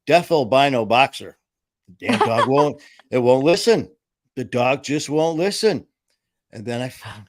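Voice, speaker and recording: A creaky, medium-pitched male voice hosts a laid-back live-stream chat, recorded dry at studio quality. He's a jokey, rambling storyteller who acts out the quotes.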